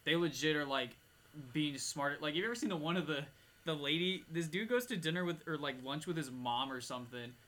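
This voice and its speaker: A young man with a fairly high, bright voice talks fast in a loose garage hangout. He tells stories with energy, swears freely and drops into the voices of the people he quotes. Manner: animated storyteller, swears often, acts out quoted voices. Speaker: podcast co-host. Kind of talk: casual chat. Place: home garage.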